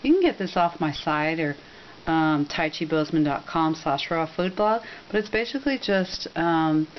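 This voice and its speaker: A woman walks through a recipe in a casual, chatty way, often pausing on ums and correcting herself mid-sentence. Her voice sits on the lower side. The audio is dull and lo-fi, with a faint hiss underneath. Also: expressive. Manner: chatty, rambling, with frequent ums and self-corrections. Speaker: cooking demonstrator.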